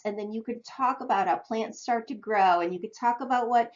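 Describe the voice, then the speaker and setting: A woman's voice: a little high, brisk, hardly any pauses. A woman who teaches reading, explaining step by step to parents and often checking in with "okay". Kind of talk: instructional talk to parents. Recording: dull lo-fi sound.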